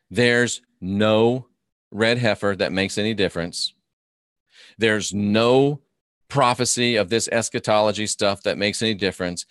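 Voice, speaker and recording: A man's voice: fairly low pitch, no echo, studio quality. A man hosting a live stream, ranting and mocking his opponents while reading viewer comments aloud. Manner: mocking, combative, reads chat comments aloud.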